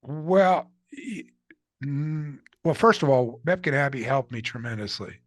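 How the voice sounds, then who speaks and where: Husky older man telling candid stories. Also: mid-range voice, unhurried, no room sound. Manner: earnest, candid storyteller who acts out quotes. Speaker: author and guest. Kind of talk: reflective storytelling interview.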